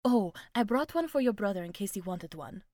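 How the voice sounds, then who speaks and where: Picture a bright, bossy young woman teasing her sleepy friend into getting up, her voice leaping around with energy, as a woman reads her. She sounds close and dry, with no room around her. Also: medium pitch, expressive, brisk, no room sound, lightly acted. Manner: teasing and upbeat.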